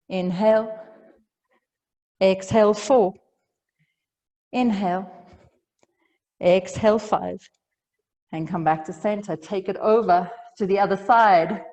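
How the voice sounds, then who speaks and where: A woman leads a yoga class at an unhurried pace, calling breaths and poses with light humor. She sounds a little out of breath from moving along. Her voice carries a long reverb tail, as if in an open studio. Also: mid-range voice. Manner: calm instructional cueing with light humor. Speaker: yoga instructor. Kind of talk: guided yoga class cues.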